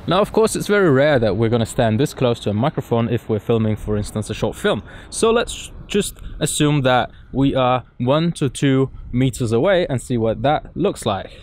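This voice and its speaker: A man's voice: mid-range voice, expressive, normal speed, few pauses. A man hosting a casual gear review vlog, joking and explaining, recorded outdoors on a windy day with a lavalier mic. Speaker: video host reviewing filming gear. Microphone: lavalier mic into a phone.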